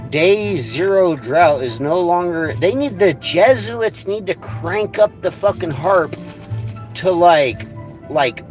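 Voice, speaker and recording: A man ranting on a livestream, angry, crude and rambling. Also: high voice. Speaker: livestream host.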